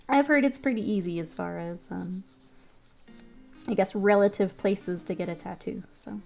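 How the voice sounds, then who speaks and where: A woman streamer chatting casually with her live chat while she works, often murmuring softly, laughing easily, with a stuffy nose. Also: mid-range voice, normal speed, gravelly, soft background music.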